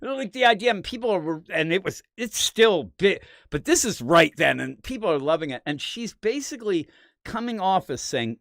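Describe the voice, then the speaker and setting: Brief: podcast host, casual chat, animated and profane, very lively pitch, dry sound. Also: normal speed, dry recording. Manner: rambling, animated, profane storytelling.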